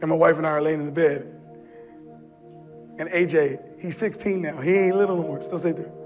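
A middle-aged man preaching a fervent sermon in church, rising to shouts at the peaks. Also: fairly high pitch, steady tone, a little fast, soft background music. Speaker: pastor. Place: church sanctuary.

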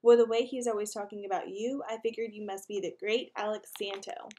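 A woman voicing an excitable, competitive boy of about twelve, reading a storybook aloud in a raised, emphatic voice. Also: brisk, close to an everyday voice. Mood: cocky. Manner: high, loud and emphatic.

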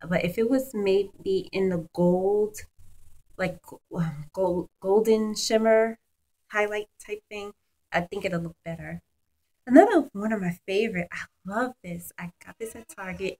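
A woman reviews her beloved beauty products in a casual, gushing chat full of fillers, with kids around her at home. She has a medium-pitched, darkish voice, captured on poor audio.

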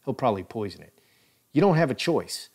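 Brief: male reader voicing a menacing, scoffing film boss, middle pitch. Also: sing-song, fairly quick, a little mellow. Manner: threatening, mocking.

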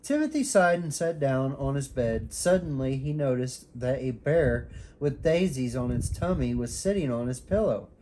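A father reading a children's bedtime story aloud, with an expressive, animated reading. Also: medium pitch, normal speed, few pauses, a little hiss or hum.

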